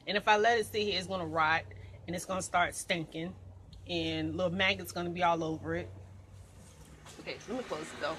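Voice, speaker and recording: A woman's voice: lowish voice, background noise. A woman vlogging on her outdoor balcony. She talks to her viewers in a jittery, nervous way, often murmuring under her breath and then letting out sudden yelps. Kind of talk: casual vlog talk to viewers.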